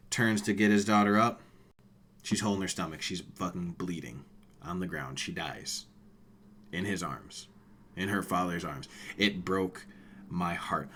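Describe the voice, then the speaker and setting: A man's voice: on the low side, fairly bright tone, slight background noise. A man in his thirties co-hosting a casual gaming podcast, emotional and swearing often. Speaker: podcast co-host.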